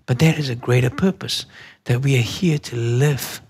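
A man's voice: mid-range voice, gravelly, darkish tone. A man teaching a church course lesson, repeating each key question and checking in with "okay?" as he goes. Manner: slow emphatic delivery with hesitant restarts.

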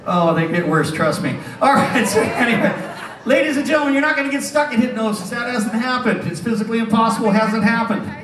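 A middle-aged man doing comedic stage banter as a hypnotist, teasing the crowd with quick jokes and frequent chuckles. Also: very high-pitched, animated. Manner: wisecracking, teasing the audience, chuckles often. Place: casino showroom stage. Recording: echoey hall from a distance.

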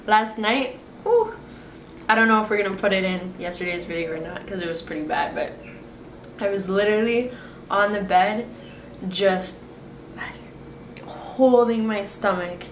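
Raspy woman vlogging in an echoey room. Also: medium pitch, a little slow, slight background noise. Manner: chatty, candid, talks to viewers directly. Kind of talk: casual video diary.

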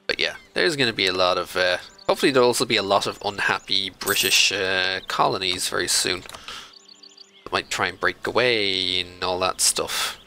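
A let's-play host gives casual commentary over a strategy video game, chatting along and scolding the computer opponents in mock outrage. His low voice moves at a moderate pace with a sharp tone, over faint music in a rough recording.

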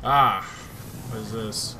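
A man's voice: lowish voice, slow pace, noisy background. A young man giving casual gameplay commentary, joking and swearing. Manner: swearing, joking, easily startled. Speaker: gamer.

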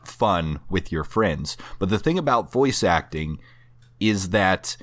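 A man with a notably low voice co-hosts a casual podcast chat about tabletop gaming. He talks in an easygoing, conversational way and slips in jokes as he goes. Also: animated, takes it slowly, a bit bright. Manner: joking, conversational. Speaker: podcast co-host.

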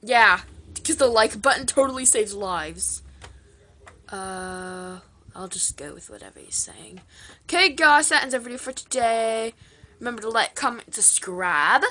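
A woman's voice: on the high side, lively intonation, unhurried, pushed and bright. A teenage girl chatting playfully and rambling through a toy skit outro in a put-on accent. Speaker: toy skit video maker. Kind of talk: casual playful outro chat.

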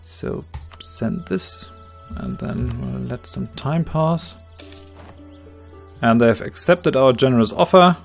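A man with a slightly hoarse voice calmly explaining his moves, thinking aloud in a strategy game let's play. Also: medium pitch, takes it slowly, faint music behind. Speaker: game commentator.

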